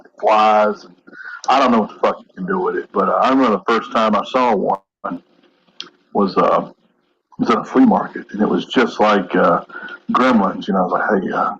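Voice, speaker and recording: Male caller, low voice, loose and meandering, muffled noisy message. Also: a bit bright, husky. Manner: meandering, filler-heavy, swears casually.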